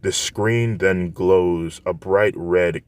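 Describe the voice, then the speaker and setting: A man's voice: low-pitched, steady tone, drawn-out words, a little mellow, clean tone, dry recording. A man narrating a fan fiction story in a plain, unpolished storytelling way, with frequent restarts.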